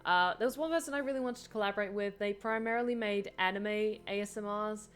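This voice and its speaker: A woman's voice: medium pitch, quick pace, fairly bright tone, smooth, soft background music. A woman chatting casually on a live stream, answering viewer questions with lots of fillers and laughter.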